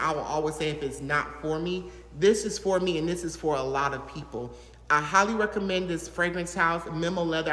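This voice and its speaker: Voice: medium pitch, a bit bright. A fragrance reviewer from the American South, talking casually to camera in a gushing, chatty way full of fillers. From Southern United States. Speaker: fragrance reviewer, channel host. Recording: echoey room with long reverb.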